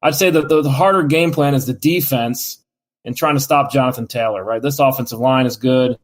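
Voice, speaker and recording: A man in a casual sports podcast, relaxed and plain-spoken. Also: mid-range voice, a little fast. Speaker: podcast co-host.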